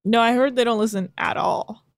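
A woman's voice: fairly high pitch, moderate pace, vocal fry, no echo. Young woman podcast co-host, sarcastic and chatty, recorded dry and close. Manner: chatty, sarcastic, laughs often. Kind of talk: casual chat recapping a reality show.

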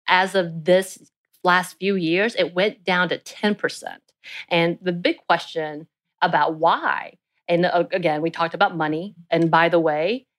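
Chatty woman in her late thirties. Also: on the low side. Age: 30s. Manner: animated, thinking aloud with fillers. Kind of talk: casual podcast discussion.

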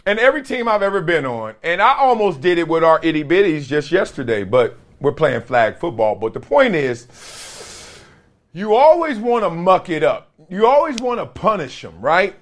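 A man's voice: a little high, big pitch swings, normal speed. A young adult man hosting a podcast in casual, slangy sports talk, laughing between jokes. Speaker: podcast host.

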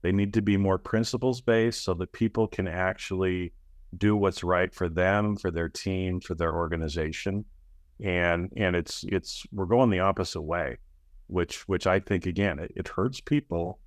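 As a podcast guest, the head of an audit training company speaks bluntly and emphatically, swearing casually, asking "right?" a lot, and imitating quoted people in raised voices in this conversational interview. His voice sits low and his pace is moderate. The sound is studio quality with no room sound.

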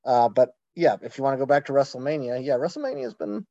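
A man's voice: mid-range voice, lively intonation, mellow, no echo. Wry chatty man on a lo-fi mic. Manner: chatty, wry, quick asides. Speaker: podcast guest. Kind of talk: casual podcast chat. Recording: slightly dull lo-fi mic.

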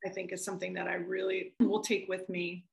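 A woman film director talking casually in an interview, animated and laughing as she acts out what people said. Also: lowish voice, brisk, gravelly, echoey room, rough recording.

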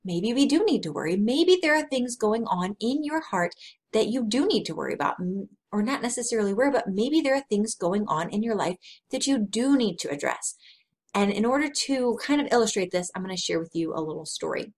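A woman's voice: fairly high pitch, animated. A woman in her thirties giving a devotional teaching talk, earnest and conversational, telling personal stories frankly. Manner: earnest and conversational, slow and deliberate. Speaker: Christian speaker.

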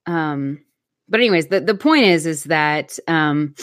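A woman's voice: sits low, lively intonation, unhurried, dry recording, studio quality. A woman co-hosting a casual podcast chat, rambling through a story and laughing often. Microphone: remote call mic.

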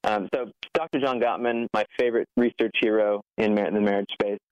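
Earnest thirties founder, quick and self-correcting, heard over a muffled remote line. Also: male voice, on the low side, fairly even intonation, darkish tone, no echo. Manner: earnest, fast, full of restarts, acts out quoted voices. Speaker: app founder, guest. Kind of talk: remote interview conversation.

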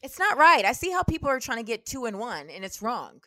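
A woman guesting on a comedy podcast, chatting in a playful, teasing and expressive way. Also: fairly high pitch, a little fast, no room sound. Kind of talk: casual comedy podcast chat.

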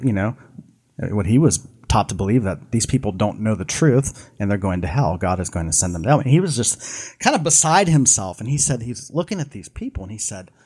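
Animated man retelling a story. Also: lowish voice, slightly rough. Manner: animated storyteller, many restarts and fillers. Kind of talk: casual discussion, retelling a story.

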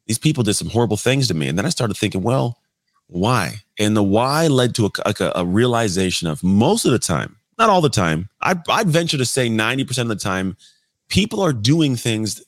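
A man's voice: on the low side, no room sound, clean studio sound. A man in his thirties, a podcast guest, telling his life story in a blunt, conversational way with occasional mild swearing. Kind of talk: candid storytelling interview.

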